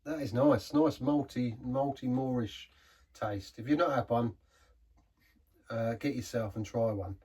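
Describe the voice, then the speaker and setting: Husky man reviewing beer. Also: mid-range voice, darkish tone, far from the mic. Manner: rambling, halting restarts. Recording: voice set back from the mic.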